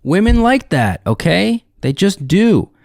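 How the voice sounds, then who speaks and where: A comedian spins a rambling, profane story, his voice swinging lively up and down and sitting a bit high for a man. The sound is close and dry, with no room around it. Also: unhurried, creaky, dry recording. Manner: animated, profane, acts out dialogue in character voices.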